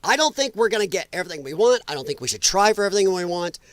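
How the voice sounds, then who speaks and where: A man's voice: sits high, lively intonation, very fast, no echo. A man from Illinois hosting a political commentary livestream, ranting and sarcastic with crude language. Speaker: host.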